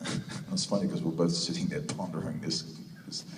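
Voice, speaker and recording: A man with a New Zealand accent and a very deep voice spins laughing, rambling stories with many restarts. He sounds distant, in a long-echoing convention hall with noise around him. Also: fairly even intonation, normal speed. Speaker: convention panel guest. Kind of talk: casual storytelling Q&A answer. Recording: echoey hall recorded from far off.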